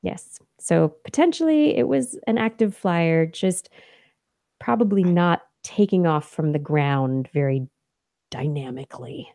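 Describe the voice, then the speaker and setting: A woman co-hosting a science podcast talks through new research in a mellow, warm tone. She explains study details casually, with laughs and fillers along the way. Her voice sounds dry and close, with no room echo. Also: on the low side, expressive, unhurried, gravelly. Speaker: podcast co-host. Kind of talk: casual science news chat.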